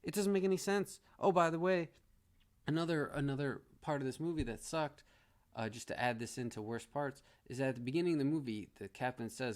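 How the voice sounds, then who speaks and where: A man's voice: mid-range voice, fairly quick. A man giving a casual movie review, blunt and exasperated, ranting with frequent restarts.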